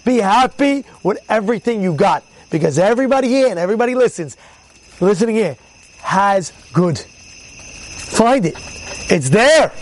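A rabbi with a notably high voice leads an informal Torah class at a moderate pace, captured in a low-quality recording. He tells stories in a lively way, repeating words for emphasis and loudly acting out the people in them.

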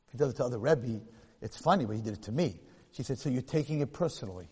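Animated storytelling man in an echoing hall. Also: medium pitch, fast, slightly rough. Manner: animated, rising to loud excited bursts when telling the story. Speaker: rabbi and teacher giving a talk. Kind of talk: storytelling lecture. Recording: long hall reverb.

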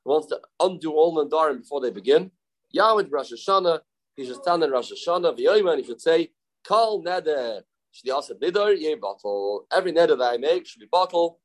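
A man's voice: on the high side, poor audio. Man teaching a Talmud class. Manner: explains in English, mixing in Hebrew and Aramaic terms, acts out quoted speakers; halting, self-correcting delivery.

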